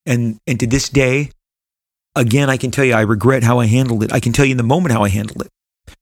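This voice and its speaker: A man's voice: medium pitch, steady tone, quick pace, no echo. A middle-aged man, a comic book creator, telling a personal story in an earnest, rambling way with frequent restarts.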